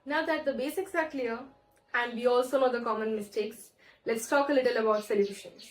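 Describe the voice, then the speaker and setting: A woman teaching French pronunciation in an online lesson, explaining clearly and slowing down to model words. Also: fairly high pitch, soft background music, low-quality recording.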